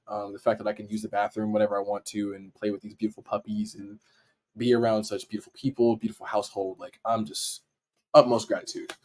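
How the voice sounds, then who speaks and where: A man's voice: lowish voice, warm tone. A young man, a podcast guest, telling a story casually and acting out what people said, with some swearing. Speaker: podcast guest, dancer and editor.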